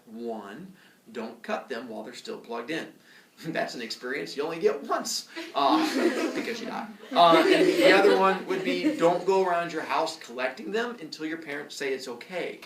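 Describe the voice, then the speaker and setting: A man's voice: medium pitch, slight background noise. A man teaching a class, explaining his points system with dry jokes and mock student voices. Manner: joking, lively, puts on kid voices for effect. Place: school classroom. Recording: echoey classroom, far from mic.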